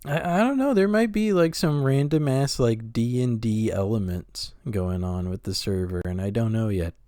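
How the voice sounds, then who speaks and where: A young man co-hosting a podcast in relaxed chat, easygoing and a little hesitant, chuckling often. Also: mid-range voice, normal speed, no room sound, clean studio sound. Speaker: podcast co-host. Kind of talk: casual chat.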